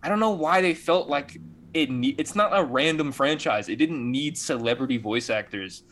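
A man's voice: mid-range voice, moderate pace, a little hiss or hum. Blunt, casual-talking podcast guy. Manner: animated, blunt, swears freely. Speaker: podcast co-host. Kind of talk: casual chat.

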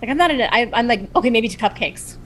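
A woman's voice: a little high, quick pace, slight background noise, poor audio. Chatty woman telling her story. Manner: animated, chatty, full of fillers like "like" and "you know". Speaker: podcast guest. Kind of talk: casual storytelling chat. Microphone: video call.

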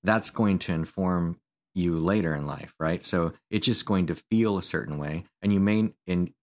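A man's voice: low voice, moderate pace, a little mellow. A man who works as a counselor, co-hosting a podcast and explaining ideas in a rambling, casual way with many fillers.

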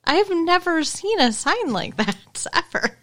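A woman's voice: very high-pitched, sing-song, measured pace, fairly bright tone. A woman co-hosting a casual podcast, giving dry, teasing replies to her co-host.

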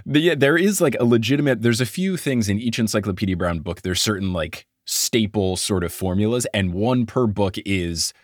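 A man hosting a comedy podcast, telling a mystery story in a casual, animated way and laughing often. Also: lowish voice, normal speed, few pauses, no echo, clean studio sound. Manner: animated, laughs often, puts on silly voices. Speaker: podcast host.

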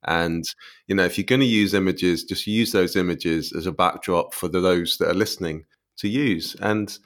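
A man hosting a podcast, asking questions in a relaxed way with hesitant restarts. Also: deep voice, moderate pace. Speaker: podcast host. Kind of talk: casual interview.

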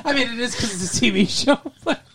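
A man's voice: very high voice, quick pace, gravelly, background noise. A man co-hosting a casual recap chat, cracking jokes and tossing in goofy asides. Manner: joking, goofy asides and silly put-on accents. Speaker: podcast co-host.

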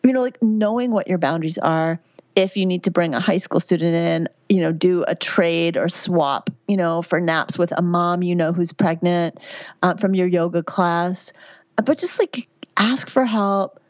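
A woman's voice: lowish voice, normal speed, no room sound, dull audio. A woman in her fifties, a midwife guest on a podcast, talking candidly and chattily about motherhood and health. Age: 50s. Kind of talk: conversational interview answers.

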